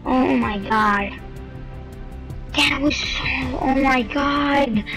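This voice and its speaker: A gamer loudly exclaiming and blaming a teammate during a team shooter match. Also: high voice, drawn-out words. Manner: loud, exclaiming, blames teammate. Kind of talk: excited gaming chat. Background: game music.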